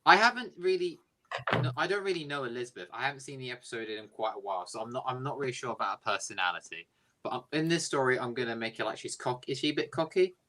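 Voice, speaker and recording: A man's voice: mid-range voice, expressive, fast talker, pushed and bright, slight background noise. A man casually improvising a jokey story, rambling and swearing freely.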